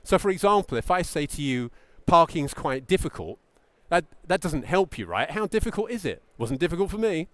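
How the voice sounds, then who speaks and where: Animated, emphatic male pitch coach. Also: brisk, hardly any pauses, no echo. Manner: animated, emphatic, acts out mock founder quotes. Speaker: pitch coach giving a talk. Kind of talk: presentation talk to founders.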